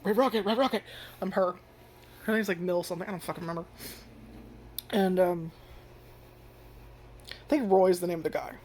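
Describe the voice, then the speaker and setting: A woman's voice: fairly low pitch, moderate pace, long pauses, slight background noise. Rambling, foul-mouthed woman reviewing anime. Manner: rambling, heavy use of filler words and frequent swearing; animated, jumps into loud acted-out reactions. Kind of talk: casual first-impressions commentary.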